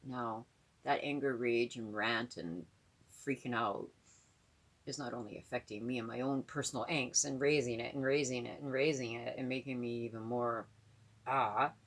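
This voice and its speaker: Middle-aged woman, low husky voice, casual vlog talk, earnest and rambling. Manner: rambling, earnest, many fillers and repeats. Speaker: vlogger.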